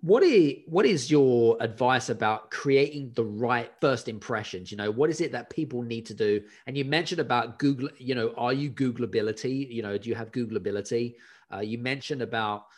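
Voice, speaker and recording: A man's voice: medium pitch, moderate pace. Man asking long, winding interview questions. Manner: long, searching questions with fillers. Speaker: podcast host.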